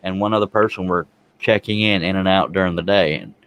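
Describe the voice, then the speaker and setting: A man's voice: low voice, fast, fairly bright tone, poor audio. A man hosting a casual livestream chat, joking and rambling. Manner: joking, rambling, reads chat comments aloud. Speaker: show host.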